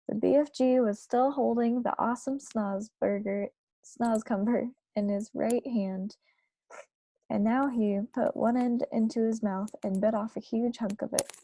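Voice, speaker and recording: A woman reads a children's novel aloud in a steady storytelling cadence. Her voice sits a little high but sounds mellow, with a gravelly fry, and the recording is dry and close. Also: a little slow, dry recording. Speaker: book club reader.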